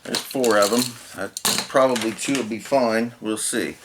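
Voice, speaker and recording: A man's voice: lowish voice, moderate pace, heavy background noise. A man, the host, casually talking through a homemade gear project as he works, rambling with filler words and restarts. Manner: relaxed, rambling, lots of "uh" and restarts. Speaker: channel host. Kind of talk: casual DIY tutorial narration.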